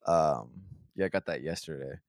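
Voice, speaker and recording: A man's voice: rumbling low, normal speed, darkish tone, no echo, clean studio sound. A man hosting a podcast, telling a rambling, profane story in casual chat. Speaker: podcast host.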